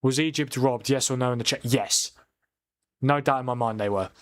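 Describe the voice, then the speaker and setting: A man of medium pitch talks at a normal speed while hosting a live football watchalong as a streamer. He keeps things chatty by reading out and answering viewer comments, and he turns excitable whenever the match throws up an incident.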